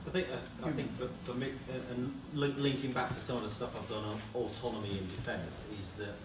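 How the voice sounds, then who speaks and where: Distant man in a loud echoey room. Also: medium pitch, fairly even intonation, quick pace, noisy background. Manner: repetitive, restarting, reflective. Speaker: panelist. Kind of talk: panel discussion.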